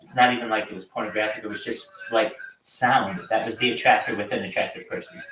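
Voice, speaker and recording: A man's voice: fairly low pitch, fairly even intonation, fast talker, fairly bright tone, far from the mic. Profane man rambling off-mic in an echoey room. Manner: loose and profane, lots of fillers. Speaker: livestream host. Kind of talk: casual rambling chat. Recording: echoey room, from off-mic, faint background noise.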